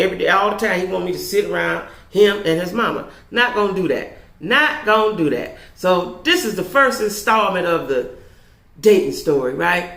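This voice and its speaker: Woman vlogger, candid and profane storyteller, fry in the voice, echoey room. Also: lowish voice. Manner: blunt, profane, tags lines with "right?". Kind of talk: storytime vlog. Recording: roomy echo.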